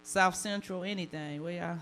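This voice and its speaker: A woman from the Deep South with a Southern accent, performing bawdy, animated live stand-up comedy and laughing at her own jokes. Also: moderate pace, a little hiss or hum, low-quality recording. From Deep South of the United States. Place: comedy stage before a live audience.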